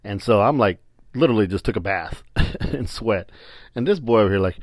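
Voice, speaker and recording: A man in his late forties with a somewhat low voice tells a rambling family story with lots of laughter. He talks in a casual, animated way, and the sound is dry and close-miked, recorded while he lies on a bedroom floor. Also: a little fast, dry recording. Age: 40s. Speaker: vlogger. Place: lying on a bedroom floor indoors.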